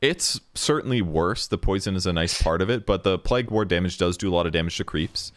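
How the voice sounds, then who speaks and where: A man's voice: low voice, lively intonation, a little fast, dry recording. A man giving casual, analytical color commentary on an esports match, explaining builds. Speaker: host and analyst caster.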